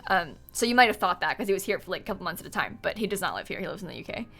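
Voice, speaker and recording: A woman's voice: fairly low pitch, very animated, racing, gravelly, bright, forceful tone. A young woman chatting casually on a live stream while playing a game, giggling often and thanking viewers from chat. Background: faint music.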